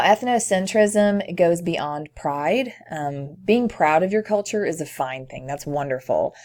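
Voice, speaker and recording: A woman teacher with a low-pitched voice and a light Tennessee accent. She talks through a recorded screencast lesson in a relaxed, conversational way, often pausing on an um. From southern United States. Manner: conversational, with frequent ums.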